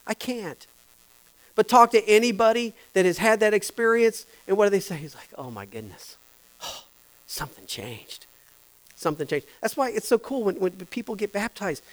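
A man preaching a sermon, moving between hushed whispers and loud, impassioned stretches with lots of repetition. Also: sits high, low-quality recording. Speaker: pastor.

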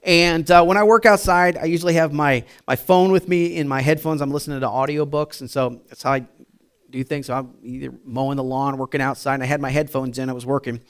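A man's voice: mid-range voice, fairly even intonation, fairly quick, clear, resonant tone. A man preaching a sermon, telling a personal story in a chatty way with fillers and restarts, building to emphatic repeated phrases. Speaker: pastor.

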